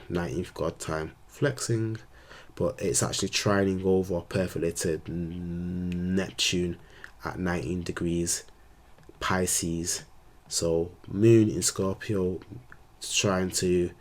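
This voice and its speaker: Deep-voiced laid-back man. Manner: rambling, slangy, laid-back. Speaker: astrologer. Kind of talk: casual vlog commentary.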